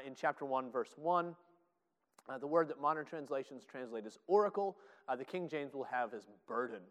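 A man preaching a Bible teaching, excitable, with many filler "uh"s and restarts. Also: a little high. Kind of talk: sermon-style Bible teaching. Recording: long echoey hall reverb.

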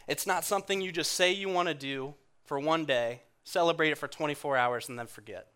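A man's voice: fairly high pitch, a little fast, clear, resonant tone. Earnest man giving a sermon. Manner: earnest and conversational, drops soft for quoted lines. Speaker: guest speaker in church.

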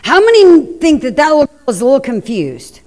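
A woman's voice: high voice, big pitch swings, a little fast, darkish tone. Casual middle-aged lady preaching, chatty, talks right to the room, echoey church. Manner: conversational, anecdotal, addresses the congregation. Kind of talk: sermon with storytelling. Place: church hall. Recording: echoey hall reverb.

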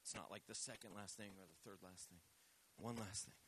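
A man preaching a live sermon, passionate, swinging between loud shouting and soft asides to the congregation. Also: sits low, fairly quick, a little hiss or hum. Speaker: pastor.

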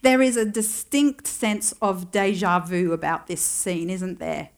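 A woman's voice: on the low side, fairly even intonation, a little slow, vocal fry. A woman giving a sermon in a conversational, storytelling way, wondering aloud and adding wry asides. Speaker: preacher.

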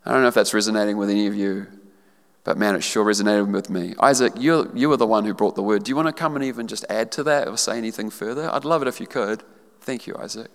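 A man's voice: medium pitch, quick pace, fairly bright tone, clear, resonant tone. A man with a New Zealand accent, a pastor giving an earnest, conversational sermon in a school hall. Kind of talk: casual sermon announcements. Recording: long hall reverb.

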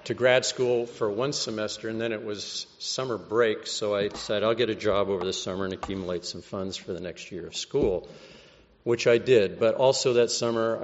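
A man's voice: fairly low pitch, in a large hall, highs cut off, slight background noise. An American man giving a wry, conversational testimony, acting out the voices he quotes. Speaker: speaker giving a personal testimony. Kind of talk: storytelling testimony.

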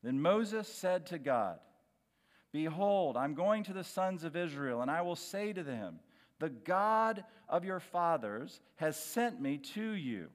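A man preaching with a lively, swooping delivery, leaning hard on his key phrases. He takes his time, speaking slowly and deliberately. His voice rings out in a church hall with a long reverb tail. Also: a little high. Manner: emphatic, slows and rises on key phrases. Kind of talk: sermon.

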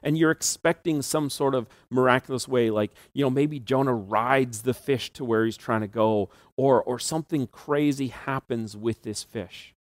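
A man preaching a sermon in a chatty storytelling manner, breaking into small laughs as he retells the tale. His voice sits at an ordinary middle pitch. The sound is dry and close, with almost no room echo. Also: moderate pace, few pauses. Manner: conversational storytelling with asides and laughs. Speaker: pastor.

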